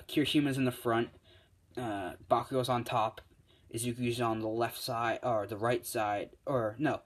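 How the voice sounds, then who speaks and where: A man casually retelling a fan story, rambling with lots of uh's and restarts. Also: medium pitch. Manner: rambling, full of fillers and restarts.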